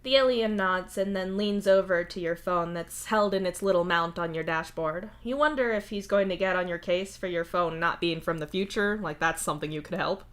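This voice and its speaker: A woman reading fan fiction aloud in a steady, wry second-person narration. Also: on the low side, normal speed, few pauses. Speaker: fanfic reader.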